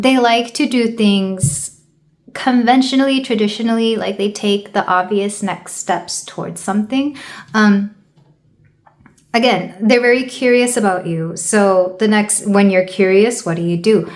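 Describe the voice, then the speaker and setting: A woman from the United States talks through a casual tarot reading in a middle-pitched voice. She rambles and thinks aloud, leaning on soft fillers as she goes. The room gives her voice a noticeable echo. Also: measured pace. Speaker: tarot reader.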